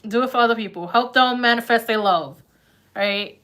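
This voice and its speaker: A woman's voice: a little high, moderate pace, a bit bright. A woman doing a live tarot reading in a chatty, laughing, slangy way. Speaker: tarot reader.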